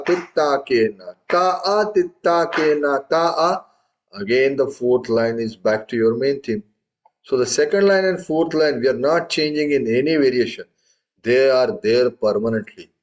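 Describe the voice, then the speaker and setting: A man's voice: mid-range voice, muffled recording. Man teaching tabla. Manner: recites drum syllables in rhythm, patient and encouraging. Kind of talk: music lesson explanation.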